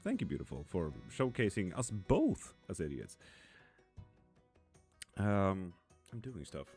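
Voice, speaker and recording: A man's voice: sits low, huge pitch swings, slow, dark tone, soft background music. A man hosting a live tarot stream, chatting casually and bluntly as he answers viewers by name. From Sweden. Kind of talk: casual live-stream chat reading comments. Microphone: streaming mic.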